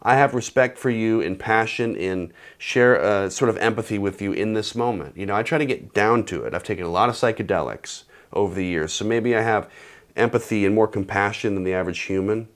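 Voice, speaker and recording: A man in his thirties giving comedic advice, animated and sarcastic, acting out bits of phone calls. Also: lowish voice, a little fast. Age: 30s. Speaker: host.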